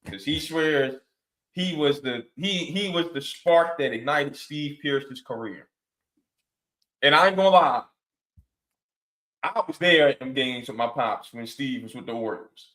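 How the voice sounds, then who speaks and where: A man's voice: medium pitch, unhurried, long pauses, reverberant, rough recording. A man co-hosting a sports podcast, telling stories with playful exaggeration in casual chat. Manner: animated storytelling, playful exaggeration. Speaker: podcast co-host.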